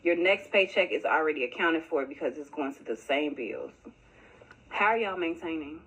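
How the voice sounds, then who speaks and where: Tired woman, low voice, keeping it real w viewers. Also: animated, moderate pace, a bit bright, slightly rough, low-quality recording. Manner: weary, candid. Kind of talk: casual talk to viewers.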